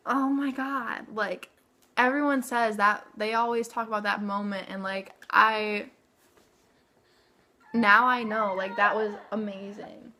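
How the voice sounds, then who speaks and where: A woman's voice: on the high side, fairly even intonation, slow, sharp tone. A young woman telling a personal story to camera in a chatty way, with lots of "like" and "okay?" asides. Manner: chatty, frequent "like" and "okay?" tag questions. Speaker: vlogger.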